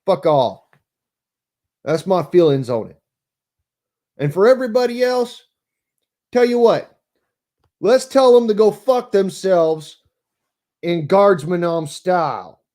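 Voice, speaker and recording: A man with a slightly high voice vents on a live stream. His rant is heated, bitter and thick with profanity. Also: expressive, slow, long pauses, darkish tone.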